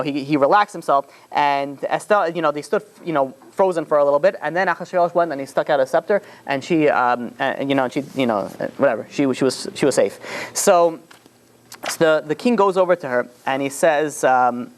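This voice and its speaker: A man, a rabbi, retelling a story in a casual, rambling way, full of "you know" fillers and restarts. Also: on the high side.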